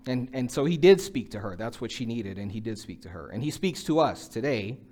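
A man's voice: lively intonation, a little fast, darkish tone. Conversational man preaching a sermon. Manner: conversational preaching, acts out quotes with rising pitch. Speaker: pastor.

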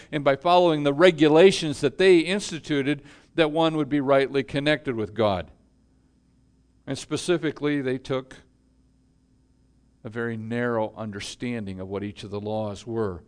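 A male pastor preaching a sermon in a measured way, letting his voice fall quiet at the ends of phrases. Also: fairly high pitch, clear, resonant tone.

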